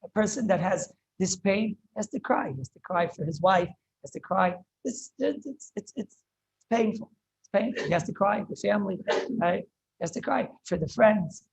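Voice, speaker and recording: A man, a rabbi, giving an impassioned Torah lecture over a video call, often halting and repeating words as he searches for them. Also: sits high, animated, vocal fry, husky, poor audio. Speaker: rabbi teaching a class.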